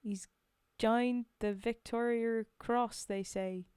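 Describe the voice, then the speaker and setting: Cockney wartime woman voiced by a woman, rough accent, poem reading, higher voice, dry close sound. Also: fairly even intonation, takes it slowly, a little mellow, no room sound. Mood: storytelling. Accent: put-on Cockney. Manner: rough, self-admittedly shaky accent in a sing-song reading. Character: plucky Cockney wartime woman telling her tale. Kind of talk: dramatic poetry reading.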